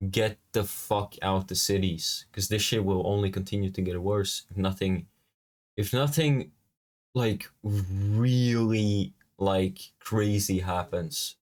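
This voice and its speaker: Brief: man, low voice, agitated ranting host, profane and rambling, keeps restarting. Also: slow pace, a little mellow. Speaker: reaction video host. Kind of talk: ranting reaction commentary.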